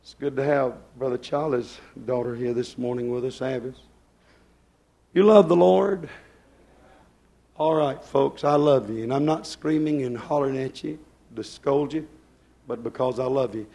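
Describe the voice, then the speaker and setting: A man preaching to a church congregation, fervent, swinging between loud outbursts and hushed asides. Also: mid-range voice, normal speed, creaky, pauses often. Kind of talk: Pentecostal-style sermon. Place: church service.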